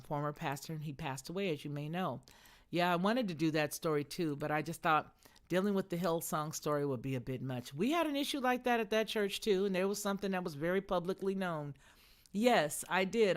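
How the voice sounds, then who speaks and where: Woman host, middle-aged, low voice, casual emphatic live-stream talk with viewers. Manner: conversational, emphatic, answers viewer comments.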